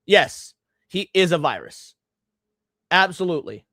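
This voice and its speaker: A man's voice: high voice, very animated, unhurried, bright, forceful tone, no room sound, studio quality. A man hosting a live stream, reacting to clips with blunt, profane, emphatic rants. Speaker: streamer host.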